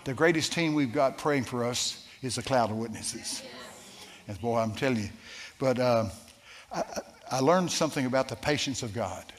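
Animated preacher in a reverberant hall. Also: male voice, mid-range voice, normal speed. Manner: storytelling, animated, asks the crowd questions. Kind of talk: sermon.

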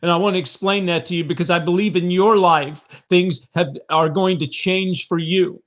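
A middle-aged man leading an online prayer talk, speaking straight to viewers with emotion, swelling to impassioned peaks and sinking soft again. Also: high-pitched, fairly even intonation, moderate pace. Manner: direct address to viewers, frequent fillers. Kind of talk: livestream devotional talk.

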